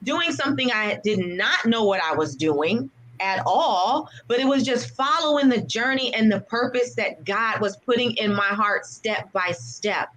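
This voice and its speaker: Earnest higher-voiced woman sharing testimony. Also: expressive, unhurried, few pauses, fairly bright tone, a little hiss or hum, low-quality recording. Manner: earnest, faith-filled storytelling. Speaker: guest, veteran and nonprofit founder. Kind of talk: personal testimony in an interview.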